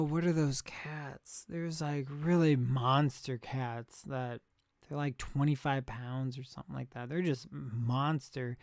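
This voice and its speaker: A man's voice: medium pitch, darkish tone, no echo, studio quality. A young man live streaming, chatting in a rambling, easygoing way with his viewers and laughing at himself. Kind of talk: casual chat reacting to chat.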